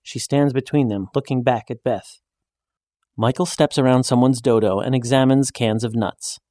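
A man reading a short story aloud in a measured, even storytelling voice, raising his pitch when he speaks the woman's lines. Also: no echo, studio quality. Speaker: narrator. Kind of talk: scripted story narration.

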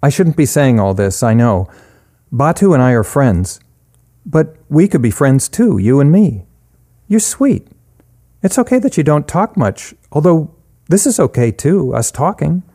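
A man's voice: a little high, sing-song, unhurried, warm tone, breathy edge, voice pushed up, full character voice. A man voicing a weary young woman who is a dry, teasing drifter. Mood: wry.

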